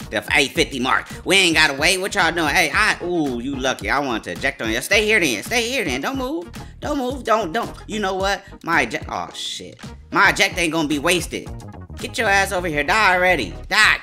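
A man giving live gameplay commentary, excitable and trash-talking, swinging from loud taunts to low muttering.

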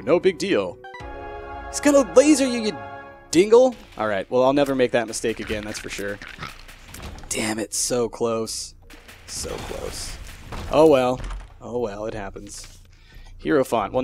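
A man talks his way through a video game run, mid-pitched and chatty. He drops to a hush when he concentrates and swears out loud when it goes wrong, with soft game music underneath. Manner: chatty, swearing, swings from hushed focus to loud frustration. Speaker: gameplay commentator. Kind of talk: live gameplay commentary.

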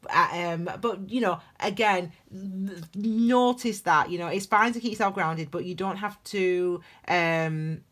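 A woman giving a casual, chatty tarot reading, breaking into animated excited bursts. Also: medium pitch, measured pace, hardly any pauses. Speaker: tarot reader.

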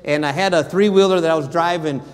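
An American man delivers a sermon from the pulpit, his voice sitting a little high for a man. He tells stories with energy and acts out the quotes himself. A long church reverb trails behind every phrase. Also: fast talker. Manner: animated storytelling, acts out quotes. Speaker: missionary preacher. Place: church sanctuary.

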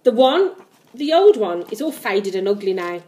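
A woman voicing an excitable doctor in a pub who exclaims in a shrill, loud voice. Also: normal speed, heavy background noise, lightly acted. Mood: excited.

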